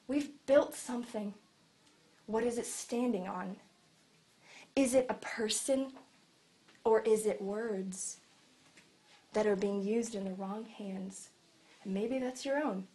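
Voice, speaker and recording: A woman preaching a conversational sermon, acting out quoted voices with lively shifts. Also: fairly high pitch.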